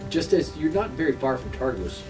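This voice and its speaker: A man running a tabletop game as game master, narrating with many pauses and restarts. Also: medium pitch, big pitch swings, darkish tone, far from the mic, faint music behind, low-quality recording. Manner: hesitant, many fillers and restarts. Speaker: dungeon master.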